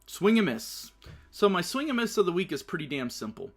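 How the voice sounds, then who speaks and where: A man's voice: sits high, sing-song, brisk, husky. A man hosting his own casual talk show, brash and profane, often laughing through his stories. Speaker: podcast host. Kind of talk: casual solo show commentary.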